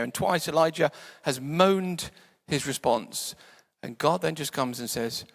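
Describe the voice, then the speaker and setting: A man's voice: a little high, a little slow, vocal fry. Man preaching in a reverberant church. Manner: conversational, playful asides, drops to soft quiet tones. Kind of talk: sermon.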